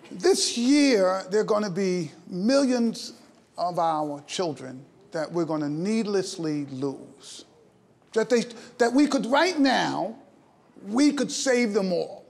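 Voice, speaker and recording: A man's voice: high-pitched, vocal fry. A man in his sixties giving a passionate, emphatic stage talk to a live audience, mixing jokes with indignation. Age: 60s. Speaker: invited speaker.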